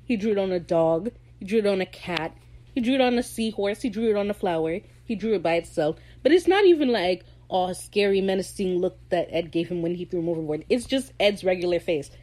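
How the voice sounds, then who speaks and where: A woman talking casually on her podcast, slangy and animated, slipping into quick impressions of the characters. Her voice sits a little low and sounds mellow and relaxed. A faint hiss runs under the recording. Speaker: podcast host recapping a TV show. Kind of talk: casual chat.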